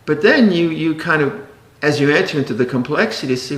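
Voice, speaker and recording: A man's voice: a little high, expressive, fairly quick, a bit bright, roomy sound. A man teaching meditation in a dharma talk, playful and often laughing, sometimes mimicking fussy meditators.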